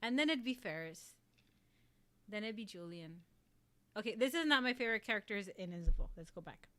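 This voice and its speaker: A woman's voice: medium pitch, animated, fairly quick, bright, forceful tone. Gushing, rambling woman streamer. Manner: gushing and rambling, heavy use of "like". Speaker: livestream host. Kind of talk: casual livestream chat.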